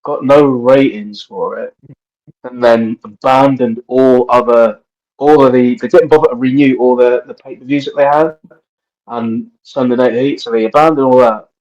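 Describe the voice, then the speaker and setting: Casting: male podcast co-host, mid-pitched, rambling and casual. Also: fairly even intonation, moderate pace, darkish tone, dull audio. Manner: rambling storyteller. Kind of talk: casual chat.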